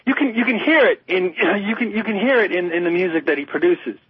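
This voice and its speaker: A man's voice: sits high, a little fast, breathy edge, dry recording. A man co-hosting a radio talk show, chatting casually about music in an emphatic, rambling way with many restarts. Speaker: radio co-host. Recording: slightly muffled radio broadcast.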